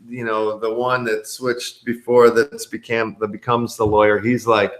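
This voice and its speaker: A man's voice: fairly low pitch, flat delivery, measured pace, echoey room. A man co-hosting a casual podcast, giving a rambling, profane recap of a movie. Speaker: podcast co-host.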